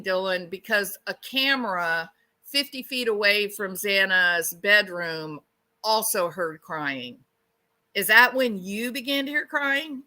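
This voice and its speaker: A woman's voice: mid-range voice, lively intonation, a little slow, sharp tone. A woman hosting a true-crime channel, speculating bluntly in a casual way and asking lots of rhetorical questions.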